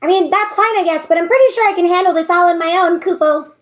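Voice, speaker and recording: Tiny cocky Moogle, squeaky and very high, fast and loud. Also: female voice. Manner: squeaky, brash, wobbly accent. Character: cocky hyper female Moogle creature.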